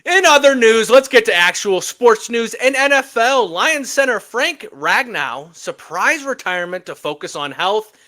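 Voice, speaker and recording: A man co-hosting a casual sports podcast, animated and joking, with emphatic trash talk. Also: extremely high pitch, measured pace, hardly any pauses. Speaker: podcast co-host.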